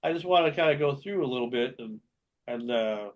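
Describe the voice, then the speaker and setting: A man hosting a casual local radio show, chuckling often and reading tongue twisters out slowly. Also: medium pitch, expressive.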